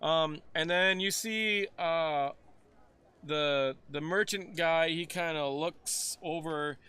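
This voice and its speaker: Guy running a tabletop game, kinda high bright voice, rambly and laid back. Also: slow, clean tone. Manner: rambling, relaxed, many fillers. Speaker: game master. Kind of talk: casual tabletop game narration.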